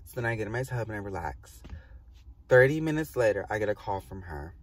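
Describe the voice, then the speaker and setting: A young man casually telling a storytime on his vlog, animated and swearing a lot, with many "like" fillers. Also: lowish voice, brisk, breathy edge, distant mic. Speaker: vlogger.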